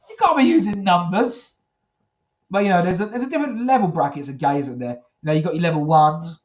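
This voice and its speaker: A man's voice: on the high side, brisk, a little mellow. A man doing a crude, rambling stand-up routine on a comedy club stage, talking into a handheld mic. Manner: crude, rambling, heavy on filler phrases. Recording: echoey club room.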